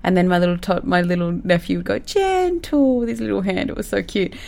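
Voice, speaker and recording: Woman, business coach, lowish voice, direct, animated casual advice talk. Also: fast talker, gravelly. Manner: direct and animated, acts out quoted lines. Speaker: business coach and recruitment firm owner.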